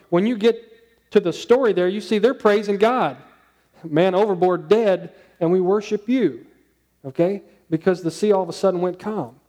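A man preaching a conversational sermon, asking his listeners questions and dropping to a hushed tone on key points. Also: high-pitched. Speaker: pastor.

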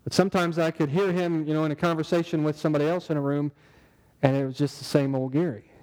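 A man's voice: on the high side, steady tone, quick pace, darkish tone, big-room sound, poor audio. A man preaching a sermon in a conversational way, asking the congregation rhetorical questions. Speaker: pastor.

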